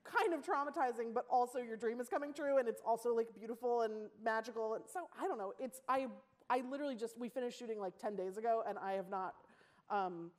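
Higher-voiced woman, halting and dryly amused. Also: darkish tone. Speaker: panelist and writer. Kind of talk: candid conversational talk on stage. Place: theater stage before a live audience.

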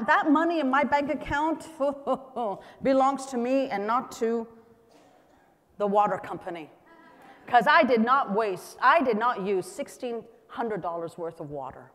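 A woman pastor preaching a sermon with fervor, breaking into shouted exclamations and acted-out pleas. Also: on the high side. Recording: long hall reverb.

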